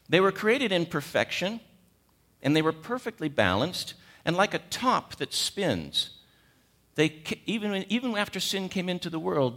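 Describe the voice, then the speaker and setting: A man's voice: on the high side, fairly bright tone. A man in his sixties with a cold, preaching a sermon, emphatic and repeating key words as he questions the congregation. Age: 60s. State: has a cold.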